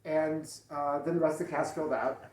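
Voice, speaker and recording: A man's voice: on the high side, fairly even intonation, fairly quick, a little mellow. A man interviewing an author at a live bookstore event, rambling and chatty with many fillers and laughs. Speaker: interviewer and theatre director. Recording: echoey room, distant mic, audience.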